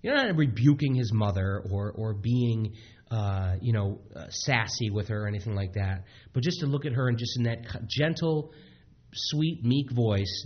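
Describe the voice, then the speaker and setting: A man preaching a sermon in a halting way, with frequent restarts and fillers, on a dull lo-fi recording. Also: fairly low pitch, breathy edge. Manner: halting, many restarts, acts out quotes.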